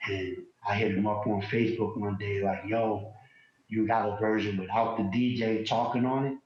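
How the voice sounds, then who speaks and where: A man's voice: on the low side, steady tone, moderate pace. A middle-aged man, a rapper, chatting loosely with lots of slang on a cheap phone from a home hallway. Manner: loose slangy talk, full of "you know". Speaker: guest rapper. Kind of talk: casual interview chat. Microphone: cheap phone on a call. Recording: echoey muffled phone call.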